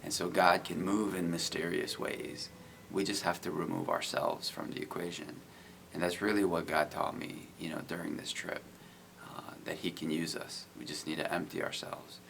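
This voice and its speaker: A man's voice: sits low, steady tone, moderate pace, creaky, fairly bright tone, a little hiss or hum. A middle-aged man telling of his faith and street outreach in an earnest, casual way, often saying "you know". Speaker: guest, IT business owner. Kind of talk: casual testimony.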